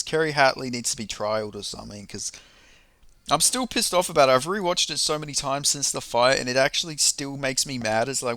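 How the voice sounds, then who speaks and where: A young man venting in a casual fight-commentary vlog, rambling and cursing as he gets worked up. His voice is bright and crisp, heard close in a dry room with no echo. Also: medium pitch. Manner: profane, rambling and heated. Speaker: MMA commentator.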